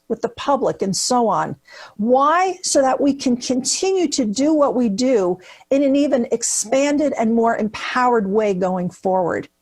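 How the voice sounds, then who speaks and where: Woman nurse giving an upbeat awards speech, bit high pitched, jokey asides, webcam sound. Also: darkish tone, husky. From New Jersey. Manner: upbeat, punchy delivery with comic asides. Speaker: keynote speaker at nursing awards. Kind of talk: prepared speech with humor.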